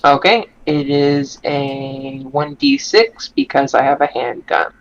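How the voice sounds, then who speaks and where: A man playing in a tabletop game who speaks slowly and hesitantly. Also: medium pitch, gravelly, dull audio. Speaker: player. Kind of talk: casual tabletop play.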